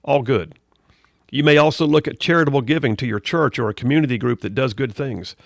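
A man's voice: mid-range voice, brisk, gravelly, no echo, clean studio sound. A middle-aged man hosting a talk radio show, delivering a folksy, conversational monologue with preachy asides.

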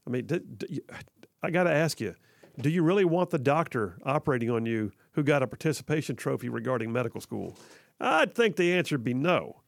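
A man's voice: mid-range voice, expressive, a little fast, creaky, no echo. A man hosting conservative talk radio from a studio, upbeat and jokey, rambling with fillers. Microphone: studio mic.

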